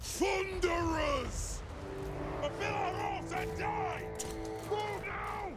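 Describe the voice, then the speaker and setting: Actors playing gruff dwarf soldiers in a video game, shouting battle cries and orders. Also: male voice, extremely high pitch, drawn-out words, music in the background, heavily acted. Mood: battle fury. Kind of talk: video game unit voice lines.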